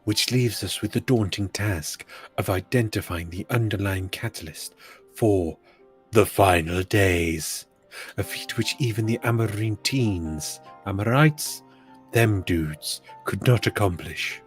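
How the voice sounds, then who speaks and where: Brief: young male streamer, lowish voice, teasing, mock-grand dialogue reads, faint game music behind. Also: measured pace. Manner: teasing, mock-solemn line reading. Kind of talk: casual gaming banter mixed with dramatic readings.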